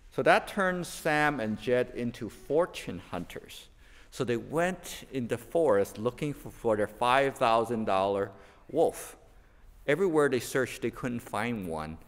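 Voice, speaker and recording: A man, a pastor, preaching a sermon built on light stories, unhurried and telling them with lively quoted voices. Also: medium pitch, in a large hall. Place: church sanctuary.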